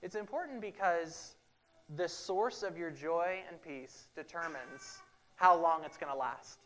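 A man's voice: a little high, unhurried. Male pastor, emphatic sermon delivery, repeats his points. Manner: emphatic, repeats key phrases, swings from loud to hushed.

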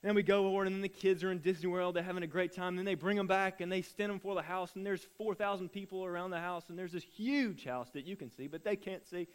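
Pastor with a high-pitched voice, animated preacher who acts out his stories. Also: quick pace, hardly any pauses, smooth. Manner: animated storytelling, acting out voices. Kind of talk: sermon.

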